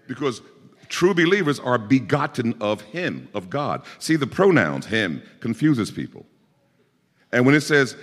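A man's voice: medium pitch, long reverb tail. A man preaching a sermon, explaining scripture verse by verse and pressing his points with emphatic exhortation. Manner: emphatic, rising to forceful exhortation.

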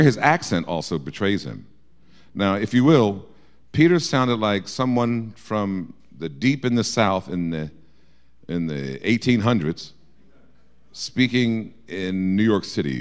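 Lively, animated male Bible teacher. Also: on the low side, moderate pace. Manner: lively, acts out quotes with shifting voice.

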